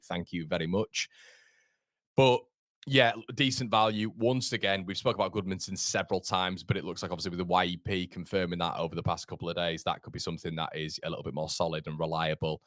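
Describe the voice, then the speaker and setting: A man's voice: low voice, fairly bright tone, dry recording, clean studio sound. A man hosting a casual football live stream, rambling chattily and greeting viewers by name. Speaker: football channel host.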